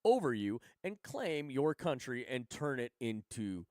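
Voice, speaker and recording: A man's voice: medium pitch, sing-song, a little slow, a little mellow, no room sound, studio quality. A man hosting a live stream, reacting to posts with blunt, profane, sarcastic commentary. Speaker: livestream host. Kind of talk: ranting casual commentary.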